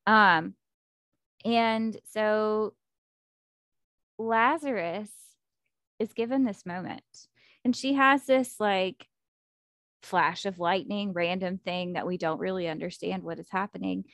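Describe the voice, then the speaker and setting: A woman in casual chat, excitedly recapping a book plot and acting out the characters' lines. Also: mid-range voice, takes it slowly, long pauses, dry recording, studio quality. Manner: animated, acts out character quotes, fillers like 'like' and 'um'.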